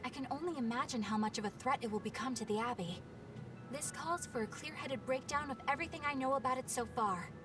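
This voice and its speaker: A woman's voice: sits high, fast talker, natural voice. A woman voicing a flustered young woman exorcist. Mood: musing. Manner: flustered, rambling musing. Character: earnest young woman exorcist, shy and eager. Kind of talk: game voice acting. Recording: game audio with music, from far off.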